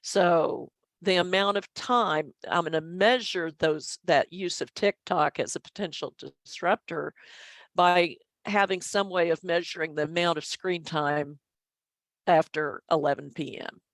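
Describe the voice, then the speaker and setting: During an online training session, a middle-aged female statistician walks through measures, joking in a goofy, self-deprecating way. She speaks at a measured pace in a fairly low voice, and there's no room sound.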